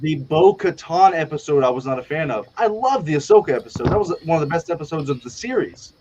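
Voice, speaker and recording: Male host, rapid-fire interruptions, fairly high voice, wrangling a heated group. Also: animated, dull audio, background noise. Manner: rapid, interrupting, trying to keep order. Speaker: podcast host. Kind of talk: moderating a heated group chat.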